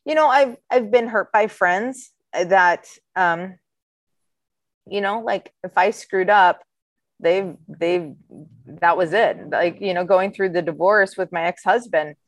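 A woman's voice: on the low side, slow pace, no room sound. A woman co-hosts a podcast and talks openly about her own life, rambling and poking fun at herself. The recording is close and dry, with no room sound. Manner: candid, rambling, self-deprecating. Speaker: podcast co-host. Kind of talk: casual chat.

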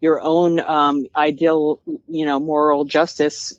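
A woman's voice: low voice, flat delivery, slow, no echo, dull audio. A woman guest on a casual podcast, arguing bluntly and with passion. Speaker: guest, vegan advocate.

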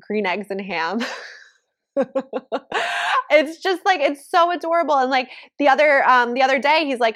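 A woman in her thirties hosting a podcast, chatting casually and saying "like" constantly. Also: a little high. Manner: chatty, heavy use of "like". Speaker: podcast host. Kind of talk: casual chat.

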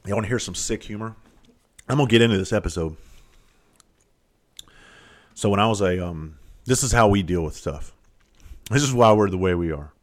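A middle-aged firefighter telling a story in a casual monologue, blunt and profane, with no filter. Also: male voice, on the low side, moderate pace, long pauses. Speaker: firefighter and podcast host.

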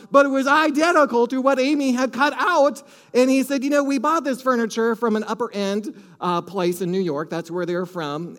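A man from Minnesota with a light Minnesota accent, preaching and telling a story with lively acted-out quotes. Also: high voice. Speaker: pastor. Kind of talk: sermon storytelling.

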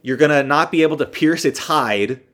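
A man's voice: a little high, moderate pace, a bit bright, close to an everyday voice. A man voicing a cautious male crocodile expert who gives an urgent warning.

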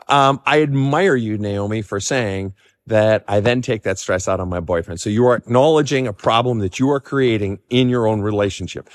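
A man's voice: fairly low pitch, no room sound, studio quality, in a large hall. A middle-aged man, a counselor, answering listener questions outdoors in the cold in a blunt, emphatic way, swearing freely and bouncing on his feet. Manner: jumping up and down from cold and excitement. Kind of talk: casual advice talk.

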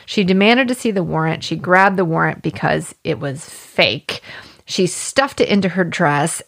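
Female podcast host, low and gravelly, plain conversational true-crime explainer.

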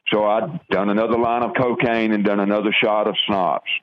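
An older man from the southern United States slowly and earnestly tells his life story in an interview, often stopping to restart. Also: on the low side, fairly even intonation. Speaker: guest sharing testimony. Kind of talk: personal testimony in an interview. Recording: dull lo-fi radio audio.

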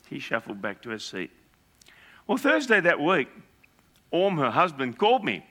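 A male pastor preaching through lively, animated stories. His voice sits a little high and sounds bright and forceful. He slips into the people he quotes as he tells each story. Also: moderate pace. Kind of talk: storytelling sermon.

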